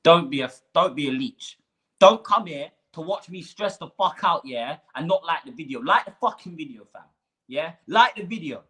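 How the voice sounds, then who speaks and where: A man's voice: on the high side, lively intonation, normal speed, fairly bright tone. A man hosting a live football fan reaction, ranting heatedly with profanity and street slang. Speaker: football fan channel host. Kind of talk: livestream match reaction rant.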